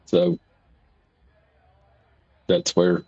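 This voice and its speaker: Male stream host, husky voice, dull lo-fi audio, rambling and repetitive. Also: sits low, big pitch swings, drawn-out words, darkish tone. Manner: rambling, folksy, repeats himself. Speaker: livestream host. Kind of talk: casual livestream chat reading viewer comments.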